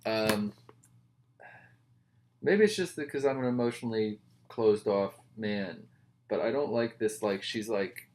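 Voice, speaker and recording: A man's voice: lowish voice, a little slow, a little mellow. Wry rambling man reviewing comics. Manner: wry, rambling, joking asides. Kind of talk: casual chat.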